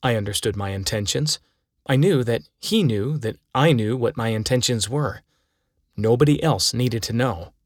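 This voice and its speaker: A man narrating a humorous short story aloud in a deadpan, wry manner. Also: mid-range voice, measured pace, no echo, studio quality.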